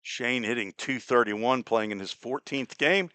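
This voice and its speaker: A man from Cincinnati calling a baseball game play by play, chatty and folksy, drifting into small talk between pitches. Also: a little slow, pushed and bright, clean tone, no echo. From Cincinnati, Ohio. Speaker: play-by-play announcer. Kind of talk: live baseball radio commentary.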